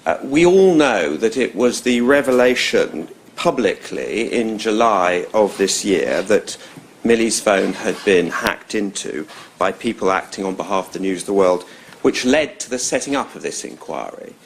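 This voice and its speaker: Low gravelly guy asking a formal interview question, lively up and down pitch. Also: slight background noise. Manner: measured, formal.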